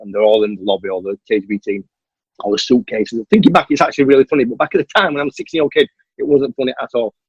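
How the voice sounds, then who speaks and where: A husky, mid-range male voice belongs to a stuntman and martial artist who, as an interview guest, tells a long story with animation and acts out each line of dialogue. The audio sounds dry, dull and lo-fi.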